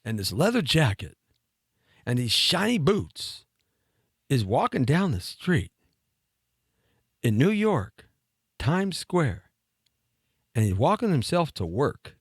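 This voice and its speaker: Animated man telling a rambling story. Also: mid-range voice, slow, pauses often, husky, dry recording, clean studio sound. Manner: animated, rambling, laughing asides. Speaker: radio show host. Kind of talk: storytelling monologue.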